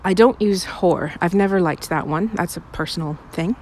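A woman's voice: lowish voice, moderate pace, darkish tone, a little hiss or hum. A young woman who makes audios, chatting with her listeners in a rambling, self-deprecating way full of fillers. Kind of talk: casual chat to listeners. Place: recorded outside.

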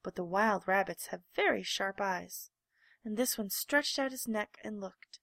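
A woman reading a children's storybook aloud, with gentle, measured storytelling. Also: medium pitch, animated, gravelly, no echo. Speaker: narrator.

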